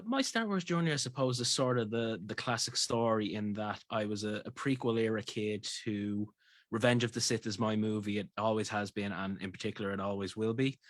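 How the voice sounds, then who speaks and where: A young Irish man, a guest on an interview show, telling his story in a relaxed, reflective way. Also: on the low side, dry recording, studio quality. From Ireland. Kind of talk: casual interview chat.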